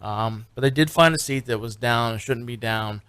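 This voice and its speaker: A man's voice: medium pitch, moderate pace, a bit bright, clear, resonant tone, dry recording. Man telling a rambling story. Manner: rambling storyteller, many fillers and restarts. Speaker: radio show co-host. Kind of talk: casual radio chat recapping a TV show.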